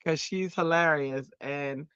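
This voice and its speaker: A woman hosting a crafting stream, chatting casually and telling stories in an animated way while she works. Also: sits low, slow pace, clean tone, dry recording, lo-fi sound. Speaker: crafting channel host.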